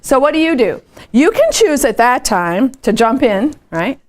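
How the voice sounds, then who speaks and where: A woman giving a lively motivational workshop talk, telling stories with rhetorical questions. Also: high-pitched, unhurried. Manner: animated storytelling, frequent rhetorical questions. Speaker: workshop speaker. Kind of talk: live motivational training talk.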